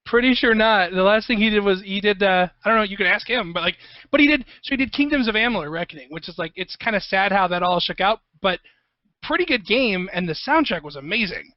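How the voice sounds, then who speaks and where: A man, a composer guest, telling stories in a rambling, profane, excitable way in a casual interview. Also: high-pitched, fast talker, no echo, lo-fi sound. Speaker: guest, video game composer.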